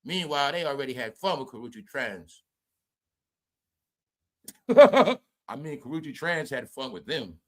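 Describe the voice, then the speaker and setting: A man hosting a profane gossip commentary stream, loud and mocking, repeating phrases and laughing at his own jokes. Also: mid-range voice, very animated, unhurried, long pauses. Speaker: commentary channel host.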